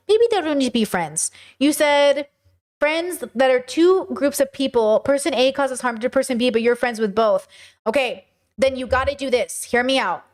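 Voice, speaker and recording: A woman hosting a livestream, answering viewers' chat questions in an earnest, emphatic way. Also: high voice.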